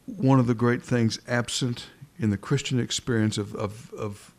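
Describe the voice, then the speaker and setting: A man's voice: medium pitch, fairly even intonation, a little mellow. A man delivers a sermon in a mid-range voice, earnest and fervent. He repeats phrases for weight and often restarts his words. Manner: restarts and halting repetitions. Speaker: preacher.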